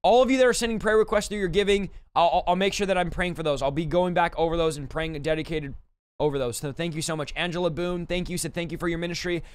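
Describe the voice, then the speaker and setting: A man hosting a livestream, quickly thanking donors and stumbling over names, a little out of breath. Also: fairly high pitch, steady tone, clean tone, no room sound. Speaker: livestream host.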